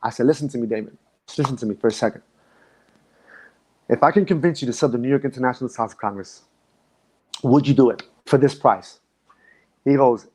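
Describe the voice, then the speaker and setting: A man's voice: mid-range voice, a little fast, long pauses, darkish tone. A man, a dance instructor, recalling his past in a reflective, emotional way and often restarting his sentences. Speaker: guest. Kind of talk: casual conversation.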